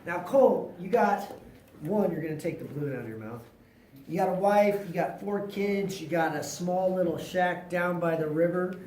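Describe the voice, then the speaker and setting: A male teacher lectures with loose, slangy energy, jumping into quick role-play bits with his students. He is recorded from across an echoey classroom, so his voice sounds distant and roomy, with faint room noise behind him. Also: sits high. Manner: animated, slangy, acts out quotes.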